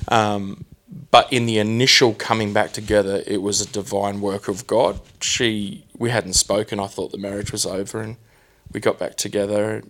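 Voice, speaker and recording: A man telling his personal story as a guest, candid and halting, often restarting his sentences. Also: on the low side, flat delivery, a bit bright.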